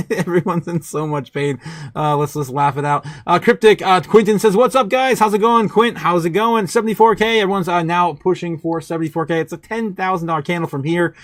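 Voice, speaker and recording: Excitable male livestream host. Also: fairly high pitch, a little fast, no echo, clean studio sound. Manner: excitable, laughing, reading viewer chat aloud. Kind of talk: livestream market chat.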